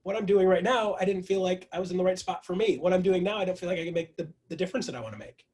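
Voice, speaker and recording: Speaking high and rapid-fire, a man rallies his team in an online meeting with an energetic motivational speech. His story leans heavily on repetition.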